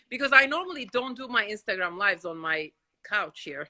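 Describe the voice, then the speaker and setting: A woman hosting a casual livestream chat from her couch, telling stories in an animated, bubbly way. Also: on the high side, moderate pace. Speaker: host. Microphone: phone.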